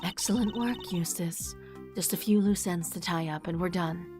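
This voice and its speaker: A woman voicing a cold, sharp-tongued male prosecutor in a game, speaking low and clipped. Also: normal speed, music in the background, natural voice. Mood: scornful.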